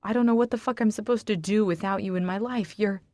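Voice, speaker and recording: A woman's voice: mid-range voice, fairly even intonation, quick pace, warm tone, no room sound, studio quality, voice pushed up, natural voice. A woman voicing an intense, possessive young man who talks heatedly and curses in an audiobook. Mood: desperate. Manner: heated, cursing.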